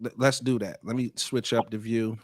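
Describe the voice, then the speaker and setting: A man's voice: medium pitch, fairly even intonation, normal speed, no room sound, studio quality. A man hosting a podcast, casually breaking down a video with loose, profane talk and frequent laughs. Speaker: podcast host.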